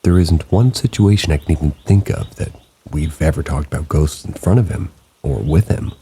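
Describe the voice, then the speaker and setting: A man with a very low, gravelly voice reads true ghost encounters in a slow, hushed late-night way. His tone is dark and husky. Steady rain falls in the background. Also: a little hiss or hum. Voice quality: very deep gravelly voice. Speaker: narrator reading submitted stories. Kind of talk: scripted narration of stories. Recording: rain sounds behind the voice.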